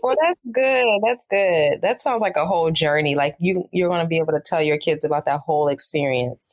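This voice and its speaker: A woman co-hosting a podcast, encouraging and quick to react, laughing a lot with her guest. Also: low-pitched, no echo. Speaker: podcast co-host. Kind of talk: casual interview chat.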